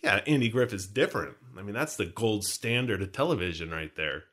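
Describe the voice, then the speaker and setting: A man's voice: fairly low pitch, animated, a little fast, fairly bright tone. Joking, rambling male podcast host. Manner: joking, rambling, throws in pop-culture references. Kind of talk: casual chat.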